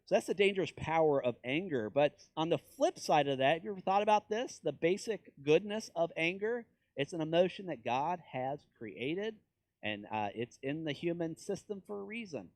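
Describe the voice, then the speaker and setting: A male pastor from Kansas preaching a sermon in a conversational way, breaking into loud, high emphasis and dropping to low asides, and acting out quoted voices in mocking tones. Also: animated, moderate pace, no room sound.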